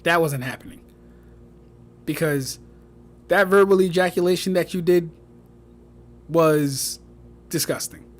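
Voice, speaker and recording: A young man with a high voice gives loose, profane livestream commentary. He picks apart what he reads with mocking disbelief, repeats himself for effect and keeps breaking into laughter. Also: a little slow, pauses often. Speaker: streamer reviewing fan debates.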